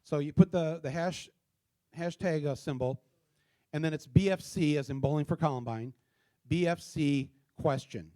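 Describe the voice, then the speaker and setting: A middle-aged man hosting a live town hall in a theater, talking casually with many fillers and restarts, and spelling things out slowly. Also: a little high, dark tone. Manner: spells out addresses slowly letter by letter. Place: theater stage before a live audience.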